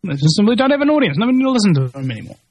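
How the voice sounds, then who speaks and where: Male commentator, high voice, dry recording; angry rambling rant full of restarts. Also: sing-song, very fast, a little mellow, no echo, lo-fi sound. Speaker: commentator reading news. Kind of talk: ranting monologue.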